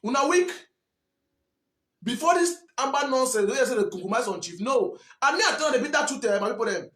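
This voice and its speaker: A man's voice: very high voice, expressive, fairly quick, a bit bright, echoey room. A man from Southwest Cameroon with a Cameroonian Pidgin English accent, scolding and repeating himself in an impassioned monologue. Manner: preachy, repetitive, scolding. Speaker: commentator.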